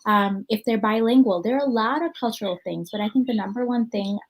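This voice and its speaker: A woman's voice: fairly high pitch, a little fast, a little hiss or hum, low-quality recording. A woman with an American accent, a clinical psychologist answering audience questions in a conversational conference talk, thinking aloud with plenty of ums and you-knows.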